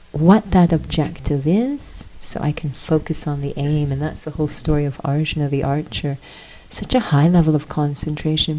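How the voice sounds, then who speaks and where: A woman guest giving a reflective spiritual talk on meditation and guiding a reflection, soft-spoken and earnest, with hesitant fillers. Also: low-pitched, low-quality recording. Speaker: guest speaker, meditation teacher.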